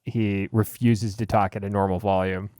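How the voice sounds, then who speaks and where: Joking man with a low voice. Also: flat delivery, moderate pace, mellow, dry recording, studio quality. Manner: joking, laughs between remarks. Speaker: podcast co-host. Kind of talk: casual chat.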